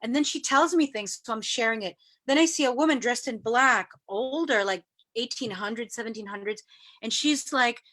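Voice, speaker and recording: A woman from New York City, a guest in an interview, who tells stories in a lively way and acts out the voices she quotes. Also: on the high side, fairly quick. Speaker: guest sharing spiritual experiences. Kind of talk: casual storytelling interview.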